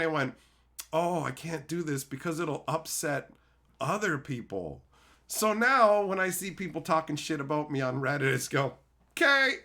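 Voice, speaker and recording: Animated, bright-voiced man ranting casually. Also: sits high. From Canada. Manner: profane, animated, laughs often. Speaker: YouTube host. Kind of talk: casual storytelling rant.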